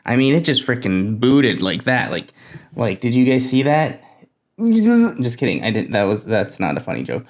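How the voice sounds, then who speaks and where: A man hosting a casual hands-on build vlog, talking to himself while he works, nervous and excitable. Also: fairly low pitch, normal speed. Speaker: tech hobbyist host.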